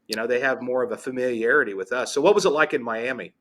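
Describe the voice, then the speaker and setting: Male host, mid pitch, bright tone; casual, frank questioner. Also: fast talker. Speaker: podcast host. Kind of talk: casual interview talk.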